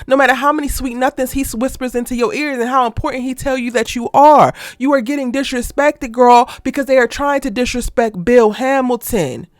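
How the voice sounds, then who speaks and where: A woman hosting a soap opera recap, talking in a sassy, animated way with heavy slang. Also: high-pitched, a little fast, few pauses, no echo, clean studio sound. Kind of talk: casual commentary vlog.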